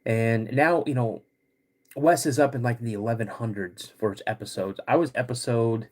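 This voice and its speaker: A man in his fifties hosting a live podcast stream, greeting chat viewers by name in a halting way while getting over a cold. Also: mid-range voice, darkish tone. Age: 50s. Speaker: podcast host.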